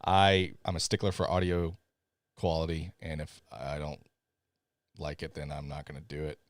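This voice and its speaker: A man's voice: extremely low pitch, level tone, normal speed, dry recording. A man with a Southern accent hosting a live podcast stream, chatty and apologetic while fixing tech. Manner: chatty, apologetic, laughs often. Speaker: podcast host. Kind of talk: casual live-stream chat.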